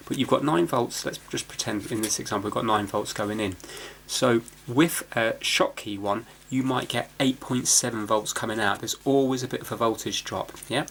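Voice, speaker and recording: Slight background noise sits behind a man whose medium-pitched voice is a bit bright. Hosting a repair video, he describes his work in a loose, rambling way, joking at his own expense and often using fillers and restarting sentences.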